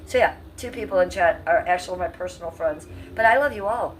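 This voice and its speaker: Woman, fifties, low voice, chatty and salty livestreamer, slightly off-mic. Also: fairly quick, distant mic, poor audio. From Cleveland, US. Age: 50s. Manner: chatty, salty, talks to chat. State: coughing. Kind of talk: casual livestream chat. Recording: voice a bit off-mic, faint room hum.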